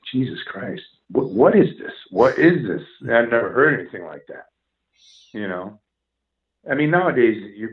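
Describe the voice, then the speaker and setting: A man, telling music stories in a casual interview, animated and swearing freely. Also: lowish voice, vocal fry. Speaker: musician guest. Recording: echoey, dull lo-fi sound.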